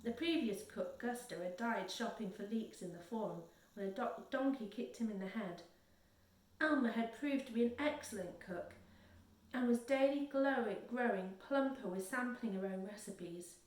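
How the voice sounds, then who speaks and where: A woman reading a children's novel aloud in a steady, careful way, correcting small slips as she goes. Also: on the high side, moderate pace. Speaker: reader. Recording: roomy, a little distant from the mic.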